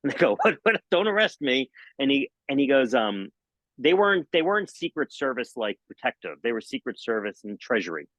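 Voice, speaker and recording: Animated man telling stage stories. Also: fairly quick, no echo, rough recording. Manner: lively, jokey, acts out anecdotes with sudden high exclamations. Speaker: magician and mentalist guest. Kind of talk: animated storytelling in a podcast interview.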